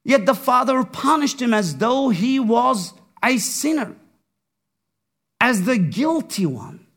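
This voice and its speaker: A man preaching a sermon, with a slow, dramatic delivery that swings from hushed to raised. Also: extremely high pitch, big pitch swings.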